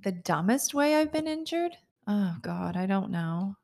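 Chatting casually as a podcast co-host, this woman tells stories and laughs often. Her medium-pitched voice is very animated and a touch slow, with vocal fry and a slightly mellow quality.

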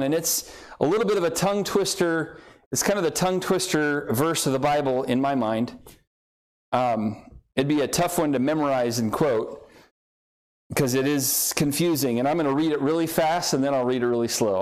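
A man preaching a conversational sermon as pastor, joking and acting out imagined dialogue between believers. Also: fairly high pitch.

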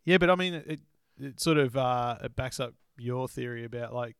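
A man's voice: medium pitch, gravelly, a bit bright, clean tone, dry recording. Joking Australian man with a dry sound. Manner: joking, swearing, quick interjections. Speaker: podcast co-host. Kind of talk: casual chat.

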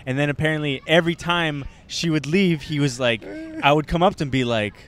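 A man's voice: a little high, fairly quick, a bit bright. Laughing, rambling male comedian. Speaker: podcast co-host and stand-up comedian. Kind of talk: casual banter. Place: outdoors in a park.

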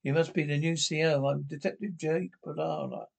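A wisecracking cop. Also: male voice, on the high side, steady tone, moderate pace, creaky. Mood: breezy. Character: wisecracking young male police detective. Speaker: police detective. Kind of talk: sitcom dialogue.

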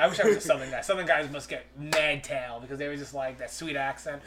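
Thirties male guest, high bright tone, loose rambling comic storyteller. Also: steady tone, quick pace. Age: 30s. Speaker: podcast guest. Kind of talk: casual podcast chat.

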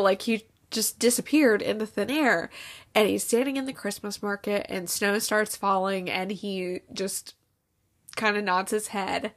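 Her voice is gravelly, medium-pitched and fairly bright. A podcast host who reviews films, she casually recounts a holiday movie, voicing the characters' lines with fillers like "like" while on the verge of tears.

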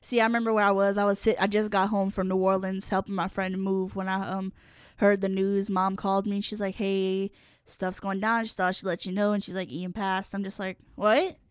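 Smooth-voiced young woman, casual swearing chat. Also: medium pitch, a little fast, dry recording, studio quality. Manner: animated storytelling, swears freely, acts out quotes loudly. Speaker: podcast co-host.

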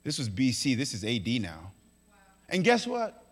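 A man preaching a sermon, emphatic and repeating key lines, swinging from loud to hushed, with playful asides. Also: medium pitch, wildly swooping pitch. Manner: playful asides and quick voiced-up quotes. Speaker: pastor. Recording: long hall reverb.

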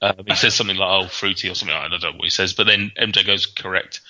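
A man's voice: low-pitched, steady tone, rapid-fire, sharp tone. A man telling casual, rambling anecdotes in a chat, full of fillers and restarts. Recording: dull lo-fi sound.

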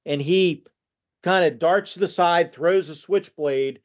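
A man appearing as a podcast guest, calmly recounting a film's plot in casual conversation with frequent restarts. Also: a little high. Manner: relaxed, halting retelling with restarts. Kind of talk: casual film discussion.

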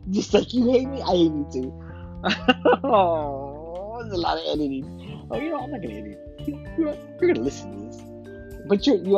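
A man's voice: a little high, muffled recording. A male podcast host chatting casually in a rambling, self-deprecating, apologetic way. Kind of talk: casual chat.

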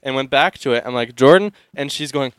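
A man's voice: medium pitch, steady tone, fast talker, fairly bright tone, clear, resonant tone, dry recording. A young man co-hosting a podcast, telling a story in a rambling way, with many fillers and bursts of laughter. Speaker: podcast co-host. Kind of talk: casual chat.

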